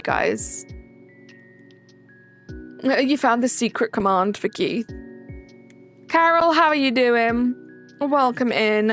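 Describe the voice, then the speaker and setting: A woman's voice: a little high, creaky, fairly bright tone. A young woman streaming a game, chatting casually and answering chat messages aloud.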